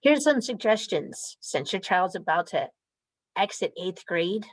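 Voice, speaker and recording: A woman who coordinates a school program gives a clear, methodical and upbeat presentation to parents over a video call. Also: lowish voice, big pitch swings, measured pace, no room sound, low-quality recording.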